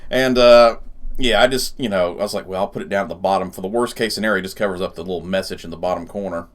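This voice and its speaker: A man's voice: low voice, fast. A man hosting a gaming channel, giving casual gameplay commentary while thinking aloud and laughing often.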